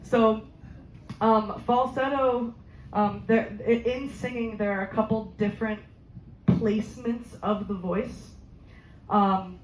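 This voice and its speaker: Slow-talking woman in an echoey room. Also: fairly high pitch, steady tone, a little hiss or hum. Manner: chatty, laughs often, many ums. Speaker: voice therapist giving a talk. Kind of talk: informal Q&A presentation. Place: community room at a senior living center. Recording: echoey, slightly dull room recording.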